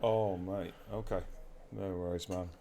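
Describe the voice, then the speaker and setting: A man's voice: low-pitched, steady tone, measured pace, mellow. A man hosting live sim racing commentary, chatty and upbeat, talking straight to his chat. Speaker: race commentator and stream host.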